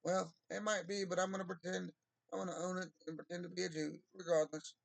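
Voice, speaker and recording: A man's voice: sits high, level tone, fast, gravelly, dry recording. A man talking in a casual, rambling monologue, drawling and swearing freely. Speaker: vlogger.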